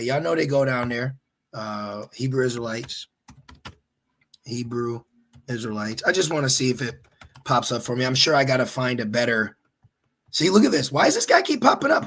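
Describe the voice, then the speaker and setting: Gravelly, husky man preaching excitedly. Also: medium pitch. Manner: animated, exhorting, repeats "okay?". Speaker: religious teacher. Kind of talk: informal teaching while searching online.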